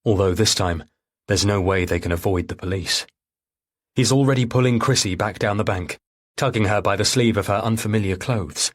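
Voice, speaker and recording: A man narrating a mystery thriller audiobook in third person with a measured, grave delivery. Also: fairly low pitch.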